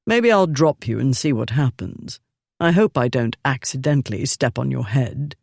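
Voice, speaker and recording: A man voicing a calm, coolly menacing duke, mild and unhurried in tone. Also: medium pitch, gravelly, no room sound, studio quality. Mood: cool menace. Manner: mild, amiable, lazy, unhurried.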